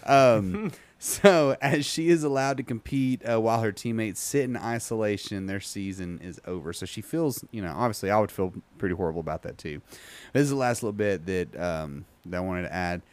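Rambling low-voiced male podcast host. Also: a little mellow, smooth, no room sound. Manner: rambling, many ums, reads aloud haltingly. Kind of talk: casual podcast chat.

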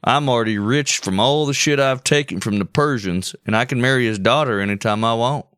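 A man's voice: medium pitch, brisk, a bit bright, smooth, no echo, clean studio sound, close to an everyday voice. A man voicing a boastful young conqueror in a casual, crude way. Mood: smug.

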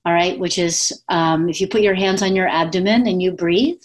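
A woman speaking coach talking casually to her camera at home, with lots of fillers and quick demonstrations of different voices. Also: on the low side, steady tone, noisy background. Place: at home with pets. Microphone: webcam.

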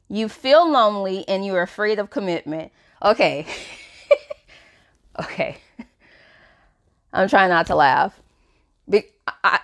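A woman's voice: medium pitch, fairly bright tone. A woman hosting a self-help podcast, talking frankly and casually with lots of "you know" fillers. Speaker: podcast host.

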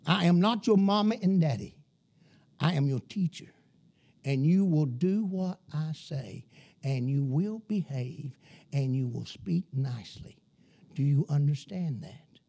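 A man's voice: a little high, animated, dark tone, voice pushed down. A man quoting a stern female teacher. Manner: firm, measured, repeating commands. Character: stern firm female schoolteacher.

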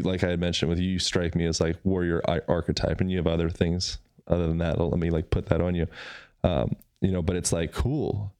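A man's voice: sits low, a little mellow, clear, resonant tone, no room sound. A man hosting a podcast, thinking aloud in a reflective, musing way. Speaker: podcast host. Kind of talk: casual interview conversation.

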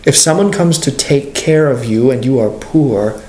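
A man, a pastor, teaching a class in an animated way and asking the class questions. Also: medium pitch, a little slow, roomy sound. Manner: animated, plays out dialogues, asks the class questions.

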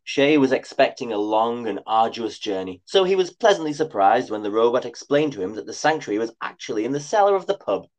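A man's voice: medium pitch, big pitch swings, a little fast, hardly any pauses. A man reading his own comic story aloud with dry, wry asides. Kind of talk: comic scripted narration.

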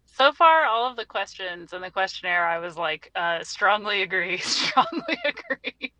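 A woman's voice: lowish voice, normal speed, pushed and bright, rough recording. A young woman co-hosting a casual chat, chatty and self-deprecating, laughing often. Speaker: podcast co-host.

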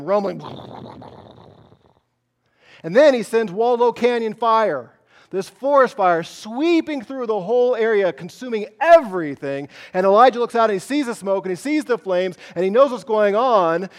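High-voiced preacher telling a story. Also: male voice. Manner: dramatic storytelling, swinging from loud to hushed. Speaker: pastor. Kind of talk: sermon.

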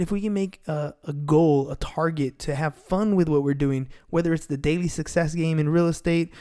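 Here a man in his thirties hosts a business podcast as a sales coach, and his fairly high voice comes across warm and smooth. It's a casual chat, energetic and motivational, with "right?" regularly tacked onto his lines.

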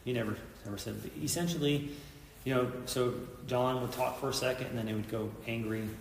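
A man's voice: mid-range voice, a little fast, gravelly, roomy sound, in a large hall, far from the mic, a little hiss or hum. A middle-aged man, a police officer and veteran, telling an intense story in an interview, acting out what people said. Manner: intense retelling, acts out quoted lines.

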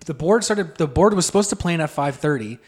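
A man co-hosting a podcast, telling his side of a story in a relaxed, offhand, profane way. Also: fairly high pitch, a little fast. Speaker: podcast co-host. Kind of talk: casual chat.

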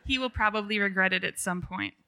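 A woman's voice: mid-range voice, fairly quick, pushed and bright. A woman speaking on a church stage beside her husband, lighthearted and laughing as she teases him. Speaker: pastor's wife, guest speaker. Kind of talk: casual sermon banter.

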